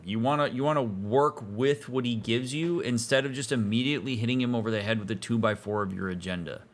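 A man's voice: medium pitch, a bit bright. A man commenting on a game as a therapist, giving emphatic, blunt advice on empathy. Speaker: therapist and gaming host. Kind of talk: casual let's-play commentary.

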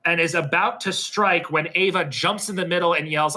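Slightly high, bright male storyteller, casual and halting, on a computer mic. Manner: hesitant, full of ums and restarts. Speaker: storyteller recapping a role-play episode. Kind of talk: casual retelling over voice chat. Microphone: computer mic on a voice call.

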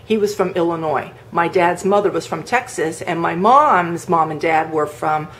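A woman's voice: fairly low pitch, normal speed, a bit bright. A woman from the northern United States hosting a home cooking video, chatting casually as she demonstrates a recipe, with fillers and rambling asides.

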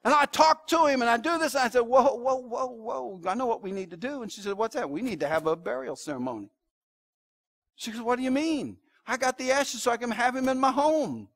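A man's voice: extremely high pitch, a bit bright. A man. He talks to the congregation in a conversational way, telling stories and pushing his points with sudden emphatic rises. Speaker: pastor. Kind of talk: sermon. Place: church sanctuary.

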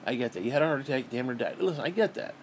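Bitter, profane man venting, lively pitch. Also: very fast, a little hiss or hum. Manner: bitter, profane, rambling with restarts. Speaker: vlogger. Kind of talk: venting monologue to camera.

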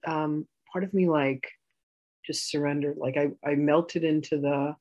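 Animated woman reliving a childhood argument. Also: sits low, a little slow, dull audio. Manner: animated, re-enacts arguments, laughs. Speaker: healing session participant. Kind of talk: personal storytelling in a session.

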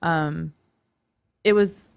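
A woman's voice: low voice, very slow, creaky, clear, resonant tone, no echo, clean studio sound. A woman guest on a talk show, speaking about the topic in an earnest, reflective way. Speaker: guest from a youth commission. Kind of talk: casual talk show chat.

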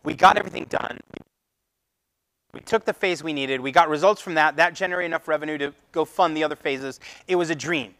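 A man speaking at a meetup, giving a lively presentation and acting out conversations with clients. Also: fairly high pitch, fairly quick, gravelly, rough recording. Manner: animated, acts out client conversations. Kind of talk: live presentation to a meetup audience. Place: meetup room.

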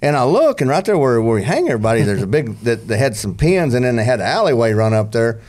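A man's voice: medium pitch, sing-song, fast, darkish tone. A man, a former bull rider telling a rambling story on a podcast, full of restarts and country slang.

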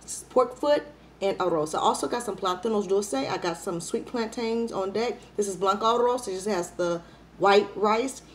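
A young adult woman talking to her viewers in a casual eating vlog, lively and playful and buzzing from coffee. She chats and jokes at a middle pitch. A faint hiss of background noise sits behind her voice. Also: moderate pace. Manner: lively, chatty, playful, says y'all a lot. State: hyped up on coffee. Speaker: mukbang vlogger.

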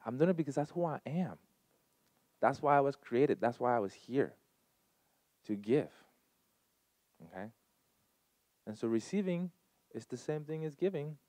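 A man's voice: medium pitch, animated, measured pace, long pauses, no room sound. A man speaking earnestly to a live audience, telling personal stories in a heartfelt, emphatic way. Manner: earnest, storytelling, emphatic swings in loudness. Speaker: speaker at a community gathering.

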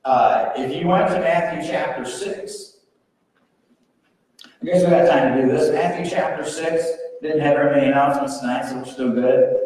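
A man's voice: on the high side, a little mellow. A man preaching a sermon as pastor, telling the story in a folksy, humorous way and acting out the voices. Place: church sanctuary. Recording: echoey hall, mic far off.

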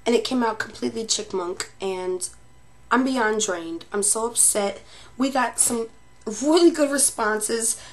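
Emotional woman vlogger, slightly high voice. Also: animated, unhurried. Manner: emotional, talks to viewers as "babes". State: losing her voice. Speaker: paranormal vlogger. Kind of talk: casual chat to viewers.

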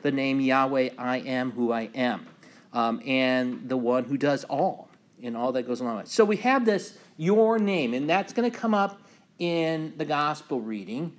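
A man's voice: medium pitch, a little slow. A man teaching a morning Bible class as pastor, talking loosely with many fillers and reading scripture aloud with emphasis. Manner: relaxed, many ums and uhs, reads scripture aloud with emphasis.

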